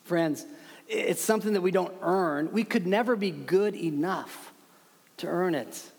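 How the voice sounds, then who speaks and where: A man preaching a sermon as pastor, earnest and emphatic with slow dramatic pauses. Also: sits high, a little mellow, breathy edge. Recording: long hall reverb.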